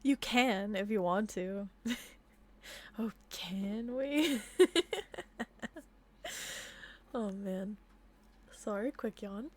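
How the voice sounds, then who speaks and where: A young woman reading a romantic visual novel aloud, often giggling and apologizing between softly read passages. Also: mid-range voice, extremely slow, long pauses. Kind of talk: reading game text aloud with chatty asides.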